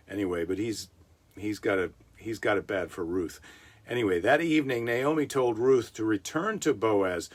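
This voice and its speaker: A man's voice: on the low side, moderate pace. A man hosting a casual comic monologue, retelling a story with rambling wisecracking asides. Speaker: comedian host.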